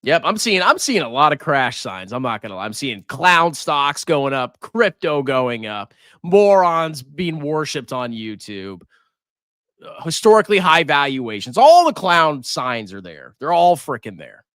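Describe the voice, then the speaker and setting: A man hosting a casual personal finance livestream, talking in a sarcastic, mocking, excitable way. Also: on the high side, unhurried, dry recording, clean studio sound.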